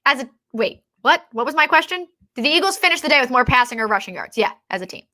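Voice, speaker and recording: Bright, excitable woman talking football. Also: high voice, quick pace. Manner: excitable, trails off and restarts. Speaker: podcast co-host. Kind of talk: casual sports chat.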